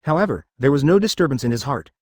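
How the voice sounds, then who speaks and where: A computer-generated male voice narrating an audio story, quick and lively in pitch. The reading is even and mechanical, with occasional odd misreadings, and the sound is dry and close. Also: husky, dry recording.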